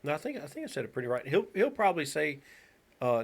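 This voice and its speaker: A man's voice: mid-range voice, sing-song, fast talker, creaky. A man in his thirties, a podcast co-host, chatting casually and telling a long story with many restarts. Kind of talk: casual chat.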